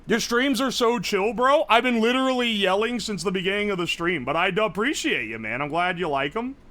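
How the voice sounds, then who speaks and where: Young american guy on a live stream, rambly and sweary, high bright voice that jumps all over. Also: a little fast. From United States. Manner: rambling, swears freely, loud and excitable. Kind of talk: casual live-stream chat.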